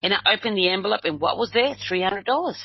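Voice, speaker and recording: A woman's voice: medium pitch, fast talker, vocal fry, breathy edge, no room sound. An older woman from Uruguay, a medium and healer, telling a personal story in a rambling way, with many restarts. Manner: rambling, acts out quoted dialogue, many restarts. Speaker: medium and healer, interview guest. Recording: dull lo-fi recording.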